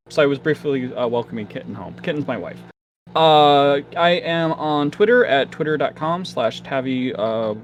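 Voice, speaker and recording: A man talking quickly and a bit flustered as a guest on a casual podcast. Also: mid-range voice, slight background noise.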